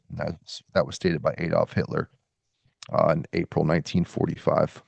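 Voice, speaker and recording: A man with a deep voice and a gravelly edge speaks on a podcast. He is recorded dry and close, and his talk is casual and halting, with pauses as he reads from his sources. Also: level tone, no room sound, dull audio. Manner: halting, pausing while reading from sources. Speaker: podcast host. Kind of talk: casual podcast talk, reading quotes aloud.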